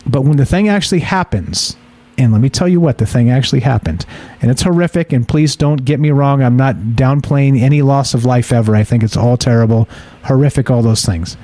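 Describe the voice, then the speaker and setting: A man's voice: medium pitch, fairly quick, mellow, no echo. A man hosting a late-night call-in radio show, ranting conversationally and swearing now and then.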